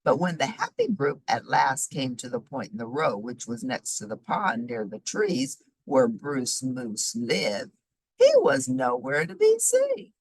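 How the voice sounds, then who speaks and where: A woman reads a children's storybook aloud with a low, husky voice that swoops up and down with great expression. The sound is dry and close, with no room around it. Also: measured pace, no echo, poor audio. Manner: animated, sing-song reading. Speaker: storybook reader.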